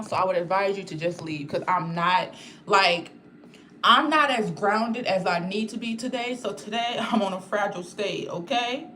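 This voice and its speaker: A woman's voice: medium pitch, a bit bright, a little hiss or hum. A young woman hosting a casual live stream, talking straight to her viewers in a candid, rambling way and swearing freely. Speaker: channel host reading live chat.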